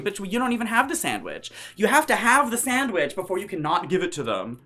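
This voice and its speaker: A man's voice: high-pitched, huge pitch swings, a little fast, hardly any pauses, bright, forceful tone, soft background music. A drag queen recapping a TV show in sassy, profane, theatrical commentary, often mimicking other people in quotes. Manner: brash, campy, profane, theatrical.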